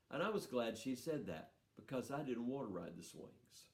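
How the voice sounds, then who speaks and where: Brief: animated male storyteller, lively pitch, mid voice, echoey hall. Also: normal speed, creaky, hardly any pauses. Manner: animated, folksy, playful. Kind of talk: live storytelling for schoolchildren. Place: festival stage. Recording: roomy hall sound.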